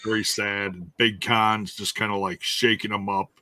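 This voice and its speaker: A man's voice: lowish voice, level tone, unhurried, sharp tone, dry recording. A man hosting a wrestling review podcast, chatting casually and jokingly with lots of fillers. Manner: joking, rambling, with frequent fillers. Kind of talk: casual chat.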